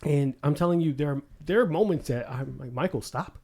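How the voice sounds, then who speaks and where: Profane, animated male podcast host. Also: fairly high pitch, fairly quick, creaky. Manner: profane, animated storytelling with acted-out quotes. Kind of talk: casual chat.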